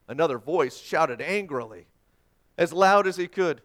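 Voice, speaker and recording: A man, a pastor preaching a sermon with expressive storytelling and dramatic pauses. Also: on the high side.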